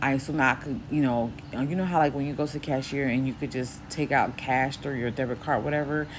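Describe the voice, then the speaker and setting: A woman from New York casually telling a personal faith testimony, acting out quoted speech in a higher voice. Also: steady tone, fairly quick, background noise. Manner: grows quieter and softer later in the story. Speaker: Christian vlogger.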